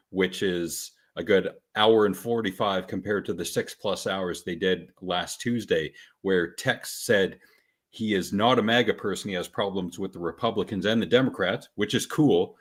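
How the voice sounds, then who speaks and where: A man with a fairly low voice hosts a casual podcast. He trades crude jokes and deadpan asides in an easygoing chat. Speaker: podcast host.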